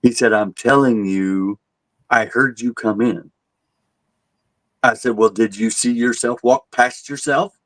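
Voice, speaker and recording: Male tour guide, relaxed storyteller who voices the people in his tale; dry, close recording. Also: medium pitch, unhurried, long pauses, no echo, rough recording. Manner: laid-back, animated when quoting people, chuckles at his own jokes. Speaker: haunted asylum tour guide. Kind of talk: casual storytelling.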